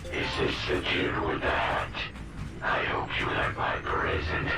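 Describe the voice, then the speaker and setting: A man's voice: extremely low pitch, big pitch swings, slow pace, creaky, heavily acted. A man voicing a menacing, mysterious phone caller in a video game, taunting and threatening. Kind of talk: video game character dialogue. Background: game music.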